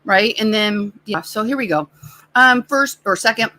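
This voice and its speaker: A woman's voice: medium pitch, normal speed, sharp tone, rough recording. A middle-aged woman co-hosting a casual livestream, teasing and laughing often. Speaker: co-host.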